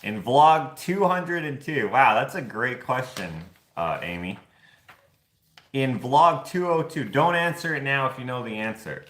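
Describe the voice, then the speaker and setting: A man's voice: medium pitch, very animated, unhurried, fairly bright tone, roomy sound. A man hosting a vlog giveaway, chatting in a loose, rambling way and chuckling often. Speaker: vlog host running a giveaway. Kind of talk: casual chat.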